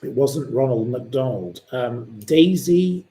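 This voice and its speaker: A man's voice: mid-range voice, lively intonation, slow, mellow. A man hosting a live-stream quiz, chatting in a rambling, opinionated way between questions. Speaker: livestream host.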